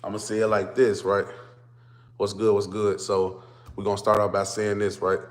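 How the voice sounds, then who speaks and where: A man's voice: lowish voice, monotone, normal speed. A man, talking casually to viewers on a livestream from a phone on a stand, greeting them over and over and then ranting as he explains. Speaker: vlogger.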